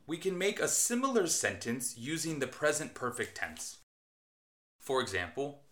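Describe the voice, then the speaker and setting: A man teaching an English lesson, reading out example sentences slowly and carefully. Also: a little high, sing-song, a bit bright. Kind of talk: scripted English lesson narration.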